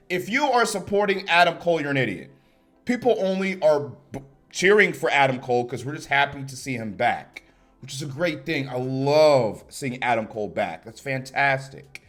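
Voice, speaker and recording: A man's voice: fairly high pitch, a bit bright. A young man reviewing a wrestling show in a heated, profane rant, laughing and swearing.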